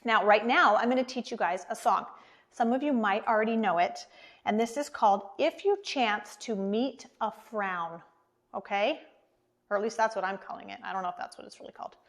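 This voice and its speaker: An American woman teaching an online preschool lesson, speaking slowly and encouragingly to small children. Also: medium pitch.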